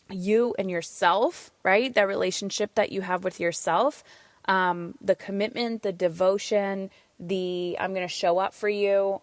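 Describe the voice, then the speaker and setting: A woman hosting her own podcast, talking in an energetic, emphatic way, a little out of breath, swearing casually now and then. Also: mid-range voice, dry recording. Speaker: podcast host and parenting coach. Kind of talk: solo podcast monologue.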